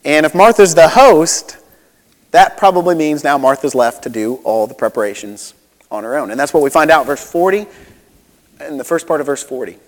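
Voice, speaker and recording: A man's voice: on the high side, animated, moderate pace, in a large hall. A man preaching a sermon as a pastor, conversational and relatable, with frequent asides and restarts.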